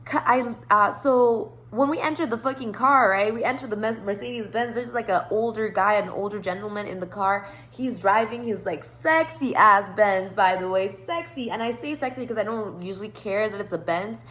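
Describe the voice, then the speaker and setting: A woman's voice: medium pitch, moderate pace, few pauses, fairly bright tone, a little hiss or hum. A woman hosting her tarot channel, telling a rambling storytime monologue with lots of swearing, laughter and asides.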